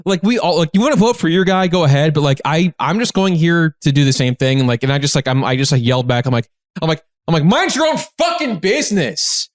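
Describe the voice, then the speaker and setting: Rambling man, slightly high voice, dry sound. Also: fast talker, dry recording. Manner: rambling and animated, heavy on filler words. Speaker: guest comedian. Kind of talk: casual podcast storytelling. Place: living in a big city.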